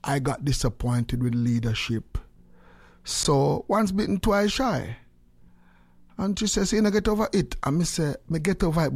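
A man's voice: medium pitch, gravelly, a little mellow, breathy edge, no echo. A man with a Jamaican accent giving emphatic commentary in patois, repeating his points for effect.

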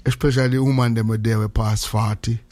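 A man's voice: medium pitch, level tone, a little fast, darkish tone. Joking Jamaican radio host man. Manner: joking, heavy patois, frequent greetings. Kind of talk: casual morning radio chat.

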